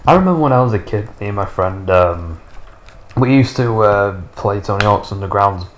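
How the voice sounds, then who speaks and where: A man's voice: on the low side, animated, normal speed. A man in his thirties giving sarcastic, sweary, rambling commentary while playing a video game. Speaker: gaming YouTuber. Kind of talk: casual gameplay commentary.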